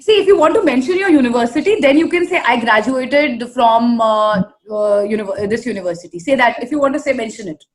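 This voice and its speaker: Woman, trainer, high voice, brisk corrections, repeats model lines. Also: lively intonation. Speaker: spoken English trainer. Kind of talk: one-on-one English coaching.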